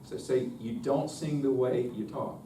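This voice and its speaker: A folksy man with a North Carolina twang lecturing at a choral workshop, his voice sitting at an ordinary middle pitch. He is picked up from a distance in a roomy space. A faint hiss runs underneath. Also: fairly even intonation, a little slow, mellow. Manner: folksy, chatty, demonstrates by singing. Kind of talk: workshop lecture with sung demonstrations.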